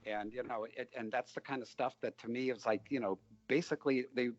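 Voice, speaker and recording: A man's voice: medium pitch, fairly even intonation, fairly quick, no echo, lo-fi sound. An older man, a film director, answering interview questions in a rambling, storytelling way with many fillers. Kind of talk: relaxed interview talk.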